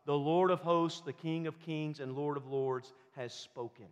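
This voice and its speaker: A man preaching a sermon with emphatic delivery, building to loud, forceful peaks. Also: a little high, fairly even intonation, a little slow, smooth, in a large hall. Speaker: pastor.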